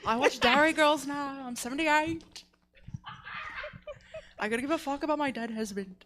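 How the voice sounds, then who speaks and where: A woman's voice: high-pitched, normal speed, a bit bright, slight background noise. A woman voicing a brash seventy-eight-year-old Irish war-bride widow in an attempted Irish accent, crude and overplayed, in improvised comedy. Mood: brash, giggly. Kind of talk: improvised comic character voice.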